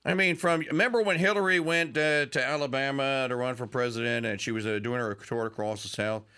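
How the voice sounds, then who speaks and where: A man's voice: mid-range voice, brisk, bright, forceful tone, clear, resonant tone. A man hosting a political talk radio show, delivering a sarcastic, mocking monologue and sometimes mimicking politicians.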